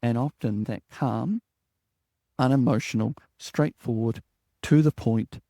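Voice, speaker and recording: A New man teaching an HR lesson in a calm, deliberate voice that settles downward at the end of his statements. His tone is dark and gravelly. The sound is dry and close. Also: medium pitch, no echo. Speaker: HR coach and podcast host. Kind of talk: spoken HR lesson.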